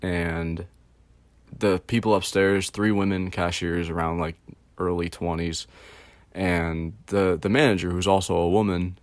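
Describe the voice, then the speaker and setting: Low-voiced young man telling a rambling story. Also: fairly even intonation, unhurried, no room sound. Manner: rambling, profane, lots of filler words. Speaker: host. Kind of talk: casual storytelling.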